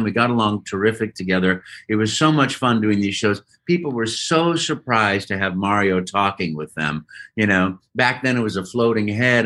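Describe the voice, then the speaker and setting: Brief: male voice actor guest, bright ringing tone, animated storyteller, jumps into quoted voices. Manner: lively anecdotal storyteller who jumps into high quoted voices. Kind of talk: casual interview storytelling.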